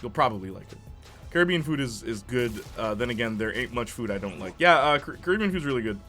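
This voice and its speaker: A man's voice: mid-range voice, expressive, quick pace, bright, forceful tone. Chatty young man over faint game music. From Canada. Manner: chatty, laughs often, rambling with fillers. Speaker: gaming streamer chatting with viewers. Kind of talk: casual chat while playing a game.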